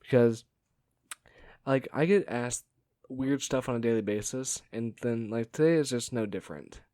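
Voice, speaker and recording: A man's voice: mid-range voice, moderate pace, dark tone. A young man telling stories from his customer service job in a rambling, casual way, laughing often and filling with "like". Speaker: vlogger telling work stories. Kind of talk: casual storytelling.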